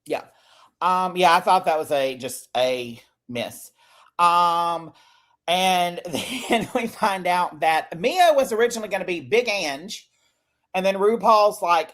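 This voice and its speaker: A man's voice: sits high, measured pace, fairly bright tone. A man hosting a casual recap podcast, chatty, swearing casually and often laughing as he talks. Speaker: podcast host.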